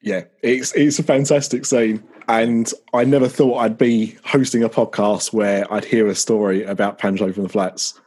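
Husky low-voiced podcast host. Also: male voice, moderate pace, few pauses. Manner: brief reactions, relaxed questions. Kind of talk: casual interview chat.

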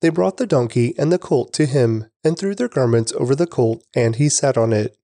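A man narrating a scripture reading in a steady, measured way. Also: medium pitch, no room sound.

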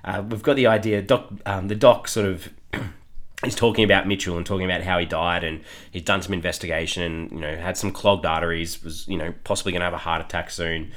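A man's voice: deep voice, fairly even intonation, quick pace, fairly bright tone. An Australian man hosting a podcast, chatting casually through an episode review with frequent chuckles and fillers. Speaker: podcast host.

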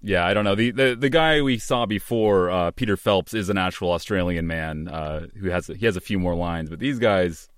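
A man's voice: sits low, normal speed, few pauses, clean tone, no room sound, studio quality. A man co-hosting a casual movie podcast, talking thoughtfully with frequent fillers and restarts. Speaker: podcast co-host. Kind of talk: casual movie commentary chat.

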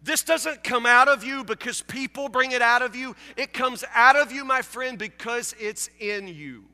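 High, bright-voiced preacher in echoing hall. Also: male voice, normal speed, clean tone. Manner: emphatic, repeats key phrases, acts out listeners' objections. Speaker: pastor. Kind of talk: sermon.

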